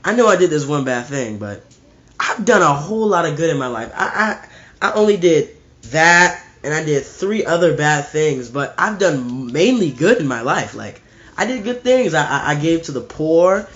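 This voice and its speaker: A man's voice: a little high, big pitch swings, normal speed, fairly bright tone, voice pushed up. A man voicing a guilty defendant who stammers as he boasts of his good deeds, on a slightly muffled recording. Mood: pleading. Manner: pleading, stammering, self-justifying.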